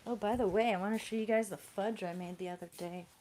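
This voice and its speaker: A woman chatting casually on a livestream at home, often dropping to soft murmurs and sing-song repetition. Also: mid-range voice, fairly even intonation, quick pace, a little hiss or hum. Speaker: livestream host.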